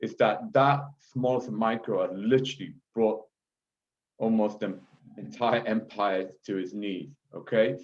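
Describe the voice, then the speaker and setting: A man of Chinese origin giving an emphatic lecture, repeating himself and checking in with frequent asides. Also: fairly low pitch. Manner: forceful, repetitive, frequent "okay?" asides. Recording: dull lo-fi audio.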